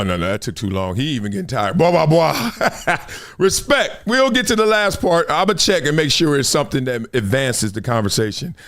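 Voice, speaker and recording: A man hosting a live stream, talking in an animated, emphatic storytelling way. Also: on the high side. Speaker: show host.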